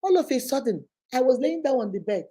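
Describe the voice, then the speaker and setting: A middle-aged woman tells stories as a talk host. Her voice sits fairly high. She exclaims often and breaks into laughter. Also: animated, quick pace, dark tone, slightly rough. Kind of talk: casual storytelling chat.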